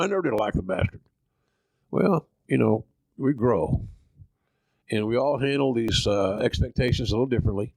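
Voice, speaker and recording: A man's voice: medium pitch, expressive, normal speed, vocal fry, a little mellow, no room sound, rough recording. An older man with a Southern Oklahoma accent, hosting a podcast and telling stories in a folksy, salty, self-deprecating way. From Oklahoma, USA. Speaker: podcast host. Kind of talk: casual storytelling.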